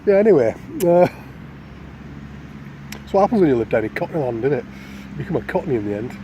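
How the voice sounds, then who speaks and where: A man's voice: medium pitch, very animated, a little fast, lo-fi sound, noisy background. A man with a London accent, talking casually and rambling outdoors in a city, repeating words and swearing now and then. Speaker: vlogger. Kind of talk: casual opinion monologue.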